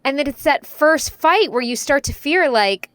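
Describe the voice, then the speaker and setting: A woman's voice: sits high, lively intonation, normal speed, a bit bright, no room sound. A woman co-hosting a podcast, giving earnest relationship advice in a casual chat. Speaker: podcast co-host.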